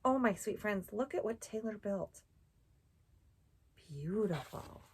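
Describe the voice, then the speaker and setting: A woman hosting a children's storytime, reading a picture book slowly and expressively and asking the children questions. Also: mid-range voice, expressive, slight background noise. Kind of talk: read-aloud storytelling for children.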